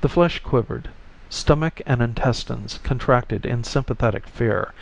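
A man narrating a story in a measured, even delivery, on a slightly muffled recording. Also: medium pitch, vocal fry. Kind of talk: audiobook story reading.

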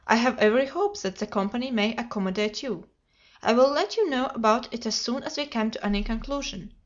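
A woman's voice: fairly high pitch, fairly quick, close to an everyday voice. A woman reading the part of a nervous, overwrought male company manager who pleads under strained politeness, in a dull lo-fi recording.

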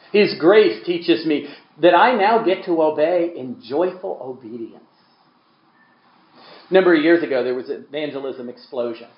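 Male pastor, sermon delivery, emphatic swings in volume, somewhat dull and roomy recording. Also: medium pitch. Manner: emphatic, swings from quiet to loud.

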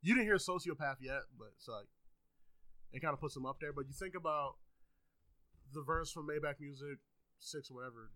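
Bright-voiced laid-back podcast guy. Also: a little high, no room sound, poor audio. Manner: laid-back, talks music with quick excited outbursts. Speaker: podcast co-host. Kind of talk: casual chat.

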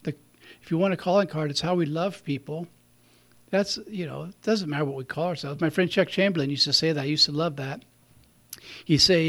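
A man's voice: fairly high pitch, brisk. A man giving a conversational sermon, telling stories and laughing at his own slips. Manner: conversational, warm storytelling, chuckles at himself. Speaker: preacher.

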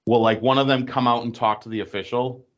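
A man co-hosting a podcast in casual chat, teasing and tossing out quick quips. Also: medium pitch, steady tone, a bit bright. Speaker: podcast co-host. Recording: dull, slightly echoey USB mic.

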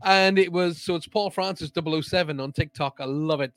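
A man's voice: a little high, fairly quick, a bit bright, no echo. A man hosting a live chat show as a psychic medium, chatty and upbeat, greeting viewers by name as he talks. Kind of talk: casual live-stream chat.

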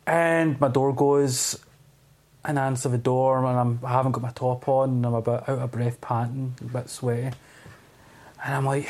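A man hosting a casual podcast, with a voice of ordinary, middling pitch. He talks in a loose, chatty way, laughs easily and swears freely as he tells his stories. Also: flat delivery, normal speed, darkish tone. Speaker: podcast host. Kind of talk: casual conversation.

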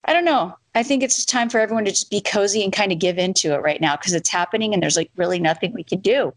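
A woman in her thirties talks with family over a video call from her home office. Her voice sounds dry and close, and her reactions are warm and talkative. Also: mid-range voice, fast talker, no echo. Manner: warm, reacts with gasps and exclamations. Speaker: mother. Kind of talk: casual chat among family.

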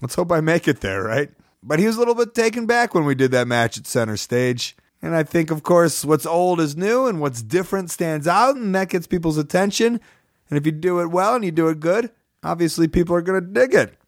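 A man with a cold, his voice set a little high for a man, talks his way through a podcast from his apartment. His manner is chatty and rambling, and he turns upbeat when plugging the show. The sound is close and dry. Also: animated, fairly quick, no echo. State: sick with a cold. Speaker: podcast host. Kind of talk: casual podcast monologue. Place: studio apartment.

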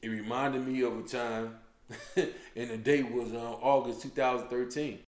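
Slangy comedian host in an echoey room. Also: male voice, medium pitch, steady tone, unhurried, darkish tone. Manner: loose, slangy storytelling, lots of "man". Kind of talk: casual podcast chat.

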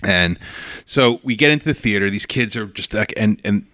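A middle-aged man telling a story as a podcast guest, casually and with animated bits of acted-out voices. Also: fairly low pitch, moderate pace, no echo, clean studio sound. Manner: animated, acts out voices in his anecdote.

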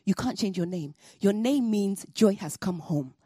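A firm, matter-of-fact mother, as a woman puts her on, speaking plainly and steadily. Her voice is husky and recorded dry and close. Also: mid-range voice, expressive, unhurried, dark tone, dry recording.

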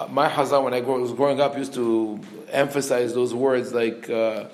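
A man giving an animated teaching talk. He often restarts and corrects himself mid-sentence, and he acts out the quotes he reads. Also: medium pitch, moderate pace, hardly any pauses. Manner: frequent restarts and self-corrections. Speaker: religious teacher. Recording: roomy echo.

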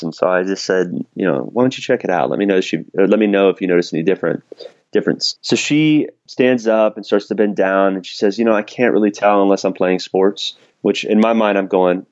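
Low-voiced man telling a candid story. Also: brisk, a little mellow, no echo, dull audio. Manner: candid, self-deprecating, laughs often. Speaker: podcast guest. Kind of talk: storytelling in casual conversation.

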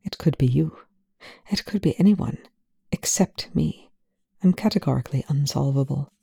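A reader voicing a haunted, distraught male scientist in a soft, low murmur. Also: normal speed, gravelly, slightly rough, dry recording, studio quality. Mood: insistent. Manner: quiet, low murmuring delivery.

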